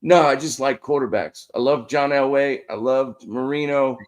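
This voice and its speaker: A man from Pennsylvania hosts a relaxed sports chat. His voice sits at an average pitch. He backs up his co-host with quick yeses and short agreements. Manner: agreeable, chimes in with quick affirmations. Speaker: podcast host.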